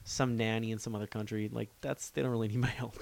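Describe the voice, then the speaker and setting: A man's voice: fairly low pitch, level tone, quick pace, vocal fry, no echo. A young Canadian man chatting casually on a podcast, rambling and restarting his sentences as he talks. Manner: rambling, with many restarts and fillers. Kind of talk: casual chat.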